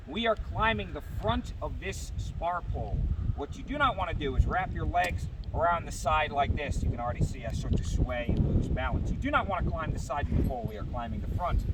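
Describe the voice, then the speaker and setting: A man's voice: a little high, recorded from a distance, noisy background. Man teaching pole climbing outdoors. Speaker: spar pole climbing instructor. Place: outdoor yard.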